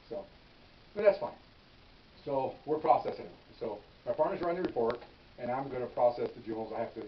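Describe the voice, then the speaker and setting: Older man, veteran cop, quick casual storytelling, distant mic in an echoey room. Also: mid-range voice, lo-fi sound, slight background noise. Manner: animated, restarts phrases, checks in with "okay?". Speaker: veteran police officer telling stories.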